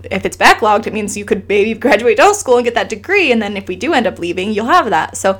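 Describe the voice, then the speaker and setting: A woman in her thirties speaks quickly in a mid-range voice, telling a personal story as a guest in a casual conversation. She is earnest and emotional, animated as she acts out what other people said in lively quoted asides.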